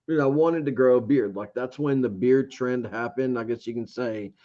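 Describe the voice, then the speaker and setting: A man's voice: medium pitch, normal speed, warm tone. A man from Georgia tells a long, rambling story in an easygoing interview chat. He keeps acting out what he thought at the time. The recording sounds a little dull and lo-fi. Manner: rambling storyteller, acts out his own past thoughts. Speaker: interview guest, beard reviewer.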